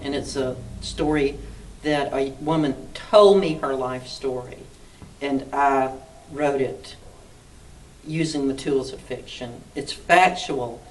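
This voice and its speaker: A middle-aged woman from the South, an author telling animated anecdotes in an interview, acting out dialogue and laughing often. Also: extremely low pitch. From Mississippi, US South. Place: arts council interview room. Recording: distant mic with faint background noise.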